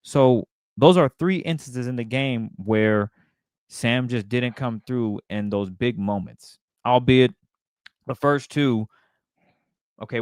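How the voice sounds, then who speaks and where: A man's voice: mid-range voice, smooth, no echo, studio quality. A man co-hosting a football show, casually breaking down plays in detail. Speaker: co-host. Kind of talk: football analysis chat.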